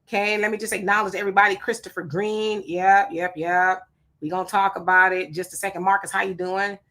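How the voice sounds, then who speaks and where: A woman's voice: medium pitch, flat delivery, fairly quick, fairly bright tone. A woman hosting a casual livestream, greeting viewers by name and chatting about their comments with rhetorical questions and asides. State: sweating. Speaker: livestream host.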